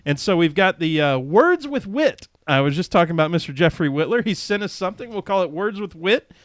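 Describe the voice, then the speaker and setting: A man with a fairly high voice, hosting a podcast and spinning a loose story. He rambles easily and laughs a lot. The sound is close and dry. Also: lively intonation, moderate pace, no room sound. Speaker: podcast host.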